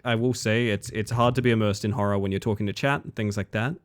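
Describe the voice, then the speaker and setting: A man with a somewhat low voice chats casually to his stream audience between game runs. He sounds tired but easygoing, rambling and answering viewers as he plays. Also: fast talker. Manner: relaxed, chatty, talks to chat between runs. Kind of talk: casual gameplay commentary.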